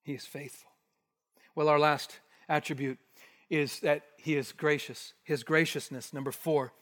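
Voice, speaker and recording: A man preaching an expository sermon, emphatic, rising to forceful bursts and dropping to hushed asides. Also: a little high, little pitch movement, a little slow. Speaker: pastor. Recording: long hall reverb.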